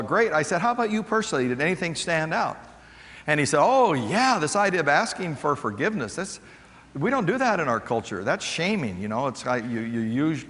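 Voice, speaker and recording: A male motivational speaker tells stories on stage and acts out the voices of the people in them. His voice sits at a middle pitch. A long reverb trails each phrase, as in a big hall. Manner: animated storyteller acting out quoted voices. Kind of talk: storytelling keynote talk.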